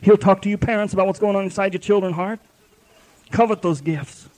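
Guy preaching at church, pretty high voice, fervent and folksy, keeps repeating himself. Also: brisk, a little mellow. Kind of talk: sermon.

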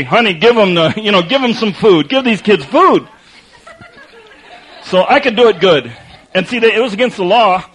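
A man preaching a sermon, telling a lively story with laughs and then reading scripture slowly and quietly. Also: high voice, low-quality recording.

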